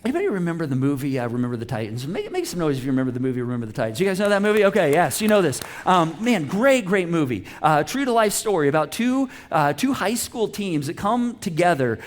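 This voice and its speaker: High-voiced man preaching casually. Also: very animated, quick pace, hardly any pauses. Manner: conversational preaching with many restarts, acting out quoted voices. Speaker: pastor. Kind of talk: sermon. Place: church auditorium with a live congregation.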